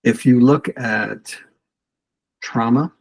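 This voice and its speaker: Male podcast guest, raspy and gravelly, earnest storyteller. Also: medium pitch, fairly even intonation, slow, poor audio. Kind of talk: storytelling in casual conversation.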